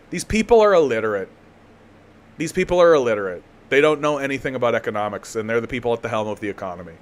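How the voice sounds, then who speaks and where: A man's voice: medium pitch, expressive, fast talker. A man hosting a live political commentary stream, talking casually and sarcastically, swearing freely and often restarting his sentences. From Canada.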